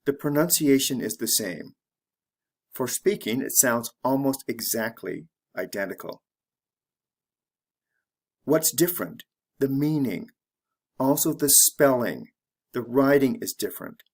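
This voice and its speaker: Slow, measured man teaching pronunciation. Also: medium pitch, lively intonation. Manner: measured, deliberate, careful pronunciation drills. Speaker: English teacher. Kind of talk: slow scripted lesson narration.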